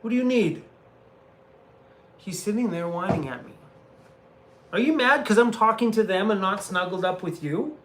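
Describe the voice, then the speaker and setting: A man's voice: high-pitched, animated, normal speed, a bit bright, a little hiss or hum. Chatty man on a casual live stream. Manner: chatty, laughs often, talks to his dog and viewers. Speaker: van-life vlogger on a live stream. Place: hotel room.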